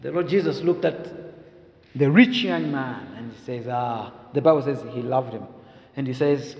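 A man's voice: mid-range voice, normal speed, darkish tone. Brief: male preacher, emphatic sermon with repeated phrases; dull lo-fi recording, echoey room. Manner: emphatic, repeats key phrases, tells stories with a laugh. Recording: echoey hall, dull lo-fi sound.

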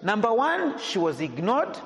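A man preaches a sermon in a high, animated voice that leaps up and down in pitch. He questions the congregation again and again and repeats lines for emphasis. The sound rings through a reverberant church hall with a long echo. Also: unhurried, creaky.

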